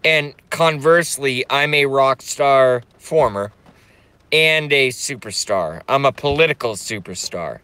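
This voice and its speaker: A man's voice: medium pitch, unhurried, pushed and bright, smooth. A middle-aged man live streaming, rambling brashly in a crude, stop-start way to his chat. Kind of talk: casual live-stream rant.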